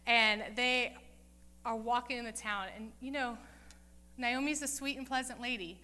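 Bright-voiced woman telling a Bible story. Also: on the high side, normal speed. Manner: chatty, acts out the characters' lines with "like". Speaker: Bible teacher. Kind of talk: casual Bible-story sermon.

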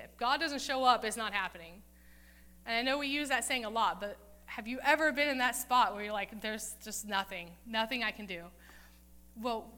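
Bright-voiced woman telling a Bible story. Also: on the high side. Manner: chatty, acts out the characters' lines with "like". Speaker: Bible teacher. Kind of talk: casual Bible-story sermon.

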